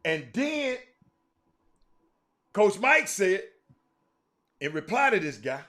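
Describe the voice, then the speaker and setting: A man hosting a casual livestream sports talk show, animated and laughing, often repeating names and restarting his sentences. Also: sits high, slow. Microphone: streaming mic.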